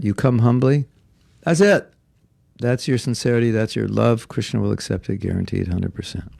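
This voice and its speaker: A man with a heavily gravelly, fry-laden voice gives a devotional class in an earnest, conversational manner. He sounds somewhat congested and keeps acting out quoted voices. The recording is close and dry. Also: on the low side, normal speed, warm tone, dry recording. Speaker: spiritual teacher. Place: Alachua, Florida.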